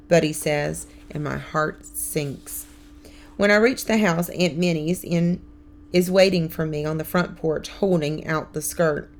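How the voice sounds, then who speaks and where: A woman narrating a novel in the first person, with a steady storytelling delivery. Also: deep voice, unhurried. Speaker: audiobook reader.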